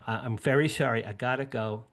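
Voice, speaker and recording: A man doing a rushed newspaper switchboard lady. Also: mid-range voice, steady tone, close to an everyday voice. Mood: hurried. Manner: rushed, apologetic. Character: hurried adult woman at a newspaper switchboard.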